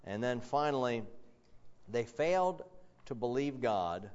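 A man preaching a sermon, earnest and emphatic, with frequent fillers and quick asides to the congregation. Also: medium pitch, animated, darkish tone. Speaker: pastor. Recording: dull lo-fi sound.

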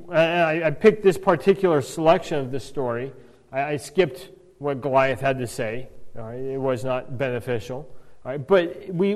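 A man's voice: a little high, a little mellow, long reverb tail. A man reading a Bible passage aloud and explaining it, often repeating words as he restarts and checking in with "right?". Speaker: Bible teacher.

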